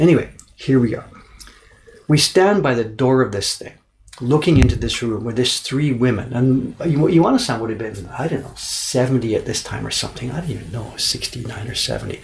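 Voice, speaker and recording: A middle-aged man casually telling an animated story on a livestream, repeating words for emphasis and acting out the people he quotes. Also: mid-range voice, brisk, creaky, a little hiss or hum. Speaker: printmaker and livestream host. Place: indoor workshop.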